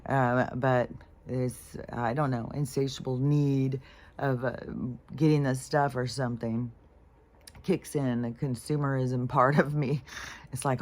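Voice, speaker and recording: A woman's voice: a bass voice, fairly even intonation, slow, long pauses. A woman vlogging about her day, rambling and irritated, swearing freely with lots of fillers. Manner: irritated, frustrated. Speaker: spiritual vlogger. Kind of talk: casual venting monologue.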